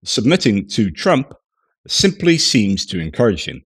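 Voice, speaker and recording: A man's voice: fairly low pitch, sing-song, measured pace, breathy edge, no room sound, clean studio sound, full character voice. A man putting on a New Zealand accent to voice an indignant middle-aged diplomat, speaking emphatically with a raised voice. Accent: New Zealand (attempted).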